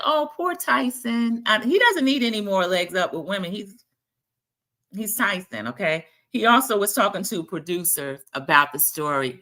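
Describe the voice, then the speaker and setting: A woman's voice: fairly low pitch, bright, forceful tone. A middle-aged woman hosting a casual live-stream recap of a dating show, chatting to viewers as y'all and acting out quotes.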